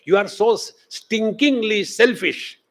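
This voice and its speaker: A man's voice: high voice, measured pace. A man with an Indian English accent giving a spiritual discourse as a swami, telling stories and acting out the voices of the people in them. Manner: animated storytelling, acting out quoted voices. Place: lecture hall.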